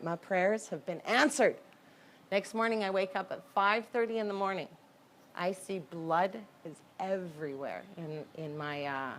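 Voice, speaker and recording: A woman telling a personal story in a candid, conversational way, with sudden jumps in pitch and loudness. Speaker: horse owner telling her story.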